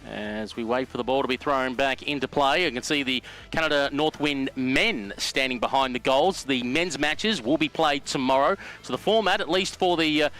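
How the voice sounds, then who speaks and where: A man's voice: on the high side, bright, forceful tone, smooth, rough recording. A man co-commentating a live football match, giving player background with dry, teasing asides.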